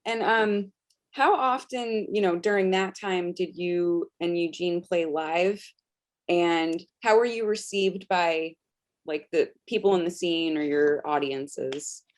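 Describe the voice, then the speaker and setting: A woman conducting an oral history interview asks her questions slowly and gently. Her voice is on the low side, and she adds brief affirmations while the guest talks.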